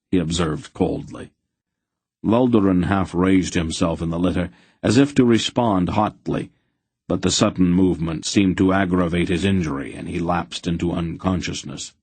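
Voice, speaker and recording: A man narrating an audiobook in a steady, even storytelling manner. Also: deep voice, normal speed, slightly rough, dry recording. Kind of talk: scripted narration.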